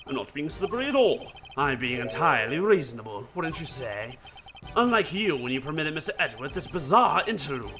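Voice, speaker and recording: Brief: scheming older male prosecutor, condescending and mannered, dropped lower than the player's own voice. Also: very animated, a little fast, crowd noise. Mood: smug.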